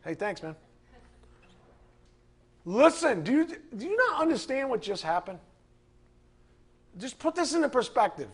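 A middle-aged man preaching a fiery sermon to a class, building to angry shouting. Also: very high-pitched, sing-song, a little slow, long pauses, slightly rough. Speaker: preacher teaching a Bible class.

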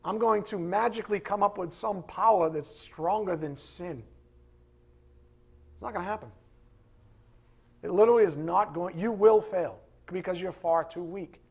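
Husky guy preaching a sermon, pretty emphatic, cracks jokes at the crowd. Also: sits high, normal speed, long pauses. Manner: emphatic, with joking asides to the congregation. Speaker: pastor.

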